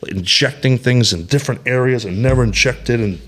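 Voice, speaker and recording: A man's voice: mid-range voice, fairly quick, fairly bright tone. A man in his thirties, a podcast guest, talking candidly and bluntly with heavy swearing and many restarts. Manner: rambling with restarts and fillers.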